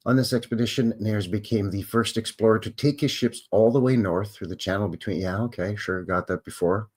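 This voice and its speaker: A Canadian man with a lowish voice hosts a casual live stream. He reads historical notes aloud and keeps interrupting himself with dry, offhand remarks. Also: a little fast, darkish tone. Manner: wry offhand asides between read-out facts. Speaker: live show host.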